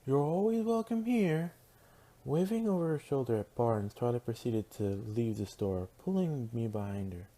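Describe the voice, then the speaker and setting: A man's voice: on the low side, warm tone. A man reading a fan story aloud in a wry, first-person narrator voice. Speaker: narrator, voice actor.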